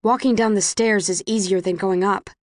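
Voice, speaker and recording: A woman's voice: mid-range voice, fairly even intonation, normal speed, no room sound, clean studio sound. A woman reading a novel aloud in first person, earnest and emotional. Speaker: audiobook narrator.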